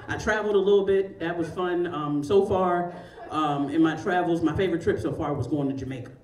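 A woman in her forties from Baltimore, Maryland, performs a stand-up comedy set before a live audience, brash, profane and laughing often. Her voice is lowish, brisk and darkish, and the recording is noisy, echoey and made with a distant mic.

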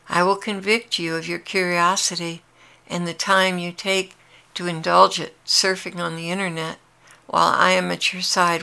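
A woman's voice: lowish voice, gravelly, clear, resonant tone, heavily acted. A woman voicing Jesus as a tender, longing man who speaks earnestly to his brides in a devotional dialogue. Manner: earnest, intimate, gently pleading.

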